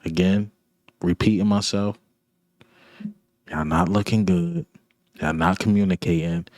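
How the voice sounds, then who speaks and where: Fan commentator, male, low and dry, blunt and repetitive ranting. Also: steady tone, a little slow, a little mellow, no echo. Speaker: sports commentator. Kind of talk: ranting sports talk.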